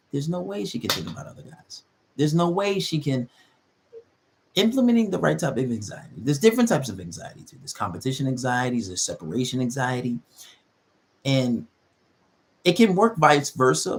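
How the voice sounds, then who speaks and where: A man delivers relationship advice in a lecturing monologue. He repeats his points and presses them home emphatically, speaking at an ordinary middle pitch.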